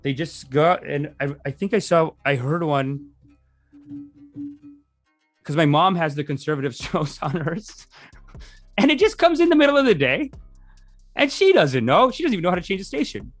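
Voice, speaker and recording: A man's voice: a little high, very animated, normal speed, long pauses, faint music behind. A man hosting a livestream, giving casual, rambling commentary and laughing often. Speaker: livestream host.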